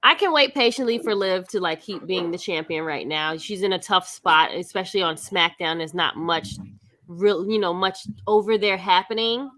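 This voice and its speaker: Bright, animated woman co-host. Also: fairly low pitch, normal speed. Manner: animated, exclaims and laughs easily. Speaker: podcast co-host. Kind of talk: casual chat.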